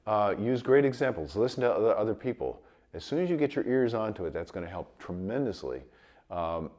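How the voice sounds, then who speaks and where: A man teaching trumpet in a casual video lesson, his voice a bit rough from a cold, explaining with light chuckles. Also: fairly low pitch. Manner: relaxed explaining with light chuckles, sings sample tones.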